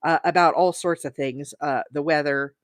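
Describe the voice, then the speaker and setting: A woman from Arizona hosting a crochet livestream, rambling chattily and reading out viewer comments, with bursts of high, excited emphasis. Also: moderate pace, no echo, studio quality. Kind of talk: casual live-stream chat.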